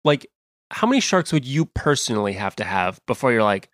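A man with a Western American accent, born in California and raised in the Midwest, co-hosting a casual podcast chat, digressive and quick to laugh. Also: medium pitch, big pitch swings, a bit bright, no echo, studio quality. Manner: chatty, laughs often, digressive. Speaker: podcast co-host.

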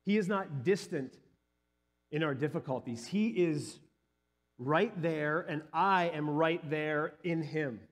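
A man's voice: a little high, slow pace. A male pastor in his thirties or forties giving a sermon, telling a personal story earnestly and building to emphatic peaks.

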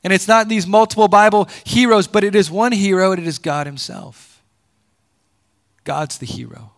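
At a moderate speed, the pastor works through his sermon by repeating key words. Loud, emphatic bursts give way to quiet, low drops throughout.

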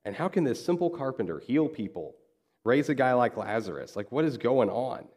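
A pastor's animated, a little mellow, mid-range voice carries through a church at normal speed. Preaching in a chatty way, he recounts a story and acts out what the characters say.

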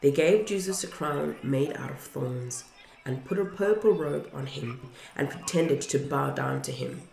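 A woman reads a children's storybook aloud with an earnest, heartfelt delivery. Her voice is low and gravelly and she takes her time, in a room with a clear echo. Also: measured pace, darkish tone. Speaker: parent reading to listeners. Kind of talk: storybook reading. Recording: roomy echo.

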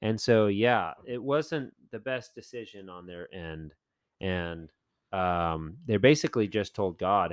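A podcast host with a low, slow voice chats casually through Bible stories, doing the characters in playful voices. He uses lots of fillers and corrects himself often, and the recording is dry.

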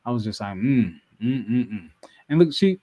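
A man's voice: lowish voice, moderate pace, mellow, breathy edge, no room sound, muffled recording. A young man co-hosting a wrestling podcast in casual, playful chat, repeating himself as he talks. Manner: laid-back, repeats himself, playful teasing. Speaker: podcast co-host.

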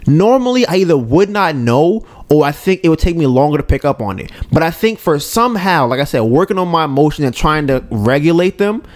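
A man's voice: on the high side, brisk, few pauses. A man co-hosting a podcast, telling a personal story in a casual, conversational way and often checking in with his listeners. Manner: animated, acts out his own and others' lines. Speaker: podcast co-host.

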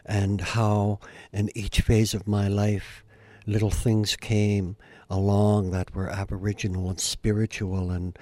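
An older musician, interviewed as a guest storyteller, tells a heartfelt tale in a mellow voice, recorded with no room sound. He's earnest, and at the big moments his pitch and volume swell.

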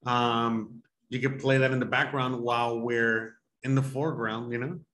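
A man co-hosting a live-streamed show, rambling excitedly and calling people bro. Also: mid-range voice, moderate pace. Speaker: co-host. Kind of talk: casual live-stream chat.

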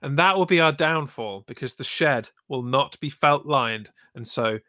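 A man co-hosting a casual chat show, making dry, deadpan jokes. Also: medium pitch, moderate pace, no room sound. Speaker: podcast co-host reading chat.

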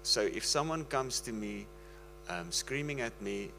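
A man's voice: mid-range voice, lively intonation, unhurried, vocal fry, bright, forceful tone, soft background music, poor audio. A man preaching in a casual, earnest and pleading way, often slipping into laughter. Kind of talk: casual sermon talk.

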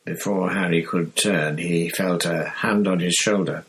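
Male audiobook narrator, low voice, steady measured storytelling. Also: rough recording. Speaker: audiobook reader. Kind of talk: scripted narration.

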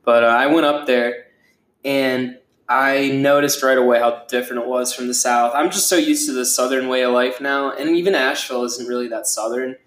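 A man's voice: mid-range voice, steady tone, normal speed, fairly bright tone. A young man hosting a casual solo podcast, rambling and swearing freely, with lots of fillers. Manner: rambling, profane, with many fillers. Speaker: podcast host. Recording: echoey room.

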